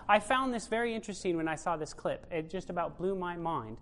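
A woman's voice: on the low side, lively intonation, fairly quick, hardly any pauses. A woman giving a sermon-style talk to a congregation, emphatic and full of rhetorical questions. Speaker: speaker at a church presentation.

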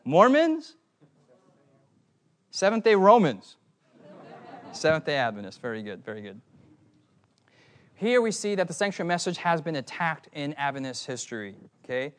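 A man delivers a sermon at a youth conference, animated and playful as he keeps calling out to the audience. His voice sits a little high for a man. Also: a little fast.

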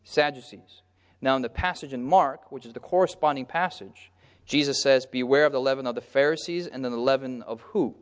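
A man preaching a sermon, pausing to have his listeners call out the missing word and acting out the crowds in brief voices. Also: medium pitch, smooth. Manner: pauses on a word and asks the listeners "what?" so they call out the answer; lively, acts out the crowds in brief character voices. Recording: long hall reverb.

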